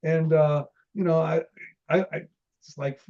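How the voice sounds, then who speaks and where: A man's voice: fairly high pitch, steady tone, a little slow, mellow, muffled recording. A middle-aged man, an interview guest, telling stories from his days as a film extra in a rambling, chatty way with many restarts and laughs. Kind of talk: casual storytelling interview.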